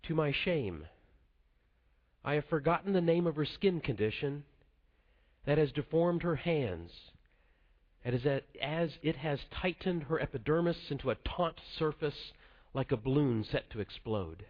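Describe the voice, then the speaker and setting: A man preaching a sermon in a measured, earnest way to a congregation. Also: fairly high pitch, lively intonation. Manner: measured, earnest delivery dropping soft at the close. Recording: dull lo-fi sound.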